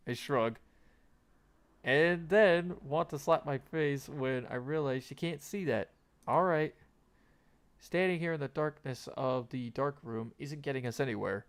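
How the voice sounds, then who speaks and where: A man's voice: mid-range voice, measured pace, smooth. A young man casually reading a visual novel aloud, often stumbling and rereading lines. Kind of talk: let's play narration, reading game text.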